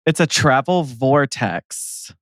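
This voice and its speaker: A man cohosting a relaxed podcast, joking and laughing easily as he riffs with his cohost. His voice sits at a middling pitch, and the sound is dry and close. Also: slow pace, no room sound. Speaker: podcast co-host. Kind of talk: casual chat.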